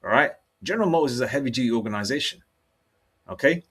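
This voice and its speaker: A middle-aged British man gives an informal sermon in a blunt, swearing street style. He checks in with "okay?" and "all right?" after his points and slows down to read scripture aloud. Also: mid-range voice, lively intonation, a bit bright, breathy edge. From United Kingdom. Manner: reads scripture aloud slowly. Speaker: religious preacher. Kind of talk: informal preaching monologue.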